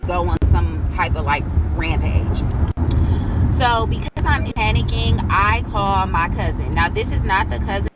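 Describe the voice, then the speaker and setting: A woman's voice: medium pitch, a little slow, very noisy. A pregnant woman telling a personal story in a casual, blunt, profane way, acting out what others said. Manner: blunt, profane, animated retelling with voiced quotes. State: eight months pregnant.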